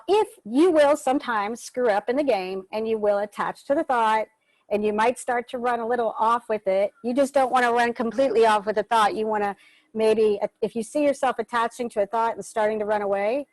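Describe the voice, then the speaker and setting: A woman leads an online workshop in a loose, chatty manner, now and then letting a swear word slip. Her voice sits a little high and sounds dry and close, without room echo, as it comes through a video call. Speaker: workshop host. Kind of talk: casual guided instruction.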